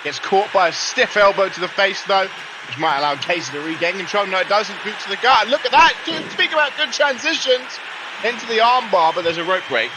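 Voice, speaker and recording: A man's voice: high voice, lively intonation, brisk, background noise. A young man commentating a wrestling game live on a stream, chatty and greeting viewers between calls. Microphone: laptop mic. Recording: music playing behind. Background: music.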